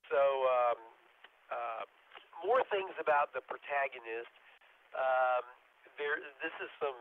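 A man on an amateur radio net, rambling through anecdotes and trailing off softly at times. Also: mid-range voice. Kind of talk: casual on-air discussion. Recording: tinny radio with faint hiss.

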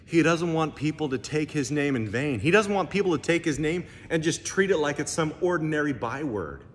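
Brisk and on the high side, an American male pastor preaches a sermon in a church hall. He tells stories with animation and acts out what people said. The recording carries an echoey hall sound and faint ambience.

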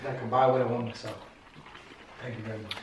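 A man's voice: mid-range voice, level tone, fast. A young man off camera, bantering in a teasing, dry, cocky way. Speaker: vlogger's partner off camera. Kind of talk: casual banter. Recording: roomy and distant with noticeable noise.

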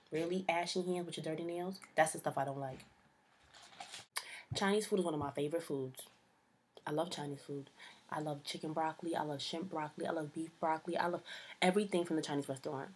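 A woman's voice: lowish voice, fairly even intonation, fairly quick, a little hiss or hum. A young woman ranting to camera about her pet peeves in a sassy, exasperated, slangy way. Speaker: vlogger. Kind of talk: casual comedic rant to camera.

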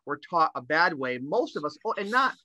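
Bright, animated man in his fifties hosting. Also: a little high, moderate pace, no echo, muffled recording. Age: 50s. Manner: animated, repeats words while storytelling. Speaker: podcast co-host. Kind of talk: podcast interview conversation.

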